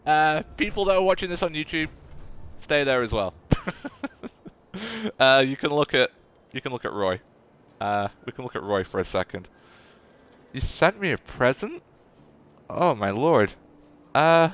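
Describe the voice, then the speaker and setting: A man chats through a live game stream in a smooth, clear voice. He talks unhurriedly but his pitch leaps around, turning gushing and emotional as he reacts to his viewers. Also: very animated, a little slow, pauses often, fairly bright tone. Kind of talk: casual live-stream chat.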